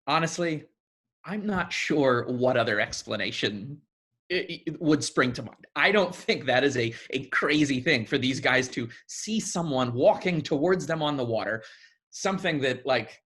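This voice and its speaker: A man preaching a sermon in a conversational, animated way, often restarting his phrases. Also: medium pitch, normal speed, husky.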